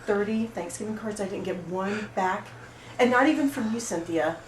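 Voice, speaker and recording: An actress playing an oversensitive, apologetic woman at a support group, rambling through an improvised monologue in a rough, emotionally raw way. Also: mid-range voice, steady tone, moderate pace, darkish tone, close to an everyday voice. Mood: wounded. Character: oversensitive, apologetic woman pouring out her woes. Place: roomy studio space. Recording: echoey room, far mic, background noise.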